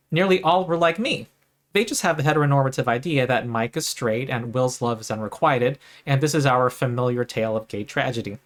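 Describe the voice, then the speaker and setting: A man narrating a scripted video essay, making a measured, earnest case to fellow fans. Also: medium pitch, a bit bright.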